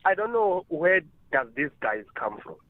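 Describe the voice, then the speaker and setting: A South African man phones in to a radio show with an indignant, emphatic complaint. His voice sits slightly high. The call is dry and squeezed into a thin phone band. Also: expressive, normal speed, no room sound. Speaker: caller. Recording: tinny phone line.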